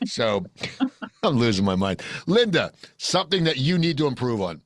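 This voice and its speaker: A man hosting a casual group talk show, blunt and jokey, telling animated stories. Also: mid-range voice, brisk, no echo, clean studio sound. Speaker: podcast host. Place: recording studio.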